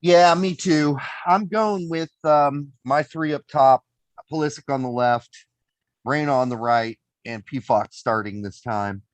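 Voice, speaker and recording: A man co-hosting a casual soccer podcast, animated, laughing often and swearing freely. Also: mid-range voice, measured pace, no echo. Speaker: podcast co-host.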